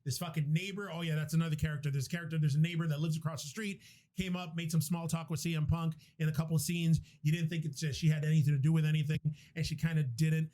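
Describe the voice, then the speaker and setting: A podcast host with a warm, rather high voice recaps a movie plot quickly and flatly. His casual storytelling rambles, restarts, and is full of profanity.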